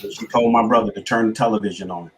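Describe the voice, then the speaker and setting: A man's voice: fairly low pitch, steady tone, fast, slight background noise, low-quality recording. A middle-aged man telling his life story as a guest on a talk show, with an earnest, motivational cadence. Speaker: guest speaker and author.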